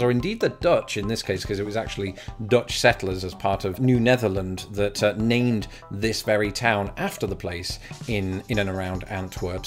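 A young English man hosting a casual vlog, talking with wry, self-deprecating asides. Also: on the low side. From England. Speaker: YouTube host.

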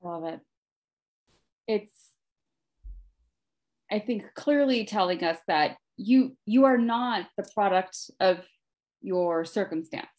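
Brief: woman host, unhurried and deliberate, sums up her guest's story. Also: mid-range voice, a little mellow. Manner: slow, deliberate affirmations. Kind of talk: interview hosting.

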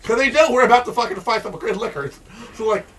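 Male let's-play host, sharp, bright voice, profane and excitable, prone to yelling. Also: very high-pitched, fast. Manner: profane, excitable, shouting outbursts and repetitive rants. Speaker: gaming video host.

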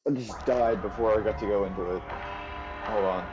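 Male streamer, slightly low voice, loose rambling commentary on a dull, lo-fi mic with steady noise behind. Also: normal speed, over music. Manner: rambling, self-deprecating chatter to viewers. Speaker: streamer playing a horror game. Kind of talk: casual let's-play commentary.

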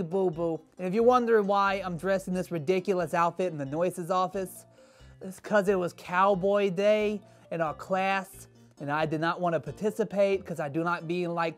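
A performer voicing a sarcastic, easily annoyed kid character in a kids' church skit, grumbling in a dry, deadpan way, with faint music behind. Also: medium pitch, normal speed, lightly acted.

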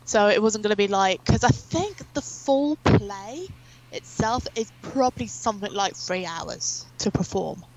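A woman's voice: mid-range voice, expressive, measured pace, very noisy. A young woman from England, an interview guest, telling long stories in a rambling, chatty way with many fillers. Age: young adult. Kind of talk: casual chat.

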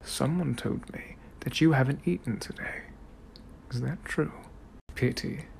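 A man voicing a doting, bossy young British gentleman in whispered role-play, using a put-on posh British accent and a soft, breathy whisper while gently scolding. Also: mid-range voice, a little slow, pitched below the performer's own voice. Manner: gently scolding, affectionate, prim.

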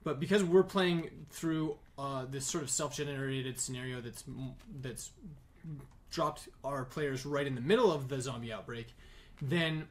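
A man's voice: mid-range voice, unhurried, a little hiss or hum. A man running a tabletop game, explaining the rules while thinking aloud. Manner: rambling, thinking aloud with fillers. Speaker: game master.

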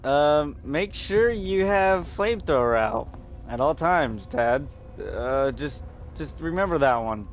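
A man's voice: fairly high pitch, animated, slow pace, a little hiss or hum. Swearing man muttering through a horror game. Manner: reactive, swears a lot, muttering to himself. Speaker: gamer.

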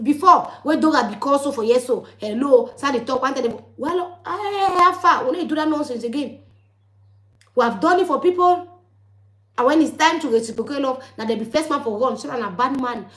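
A woman vlogger with a West African Pidgin English accent delivers an angry, ranting monologue to her viewers. Her voice sits high and a bit bright in a roomy-sounding space. She scolds heatedly and repeats her warnings.

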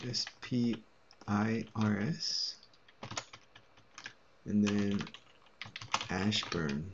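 A man's voice: on the low side, steady tone, takes it slowly, pauses often, slight background noise. A man muttering letters and names to himself while he indexes records, with self-deprecating asides. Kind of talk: muttered screen-recording commentary. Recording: muffled audio with loud typing.

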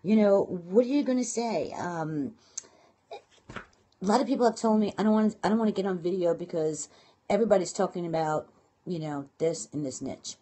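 Husky Brooklyn woman, chatty and fast. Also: on the low side, warm tone. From Brooklyn, New York. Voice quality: fast, chatty, many fillers and restarts. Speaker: blogging and marketing coach. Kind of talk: casual live-stream talk. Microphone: phone or webcam live stream.

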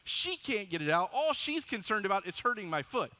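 Animated, bright-voiced male pastor. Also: high voice, a little fast. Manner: storytelling, animated and self-deprecating. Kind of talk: sermon.

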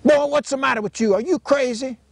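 A man putting on a loud gruff old Alabama daddy. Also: very high-pitched, a little fast, no echo, voice pushed up, heavily acted. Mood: indignant. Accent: Southern US, Alabama. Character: bigoted old Southern father, gruff and blunt.

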